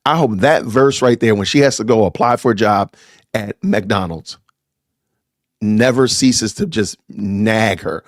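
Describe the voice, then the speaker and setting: A man's voice: lowish voice, unhurried, dry recording, clean studio sound. A middle-aged man hosting a podcast, delivering an indignant, stammering commentary rant and often repeating himself. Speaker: podcast host. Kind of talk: live-streamed commentary rant.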